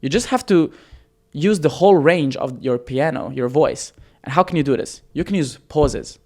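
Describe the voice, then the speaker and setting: Blunt, energetic man coaching on camera. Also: a little high, moderate pace. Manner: energetic, blunt, swears casually, varies pace and loudness for emphasis. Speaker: copywriting coach. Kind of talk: casual direct-to-camera teaching.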